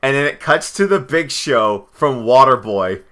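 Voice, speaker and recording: A man co-hosting a casual podcast chat, rambling excitably with frequent asides. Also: mid-range voice, a little slow. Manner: rambling, excitable, slips into goofy impressions. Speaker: podcast co-host.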